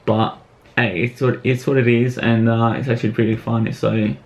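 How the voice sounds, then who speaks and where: A man's voice: medium pitch, flat delivery, normal speed. A young man casually reacting to a video about himself, laid-back and amused, with slangy chat.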